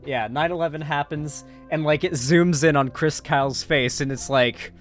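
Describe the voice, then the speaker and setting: Guy ranting sarcastically, lots of um and like, kinda high voice, faint music under it. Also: normal speed. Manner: sarcastic and profane, many fillers and restarts. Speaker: online commentator. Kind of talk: casual political commentary, recapping a movie.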